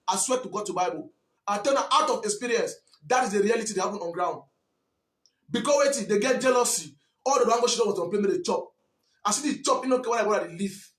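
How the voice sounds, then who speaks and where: A man with a Cameroonian Pidgin English accent delivers a fiery, scolding monologue and keeps repeating himself for emphasis. His voice sits very high. The room adds a clear echo. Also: fairly bright tone. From Southwest Cameroon. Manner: preachy, repetitive, scolding. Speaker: commentator. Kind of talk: impassioned monologue.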